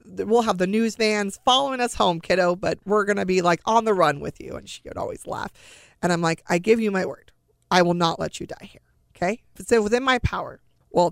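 A woman's voice: on the low side, creaky, no echo, clean studio sound. A mother recounting a painful personal story in an earnest, emotional way, restarting her sentences at times. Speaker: interview guest, bereaved mother.

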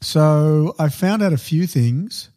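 Male co-host, laid-back, warm mellow tone, dry humour. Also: on the high side, expressive, takes it slowly. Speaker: podcast co-host. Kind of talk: casual chat.

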